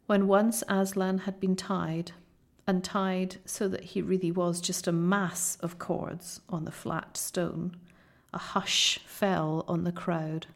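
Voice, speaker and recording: A woman reading a children's novel aloud in a measured, dramatic storytelling manner. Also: lowish voice, little pitch movement, creaky. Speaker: audiobook narrator.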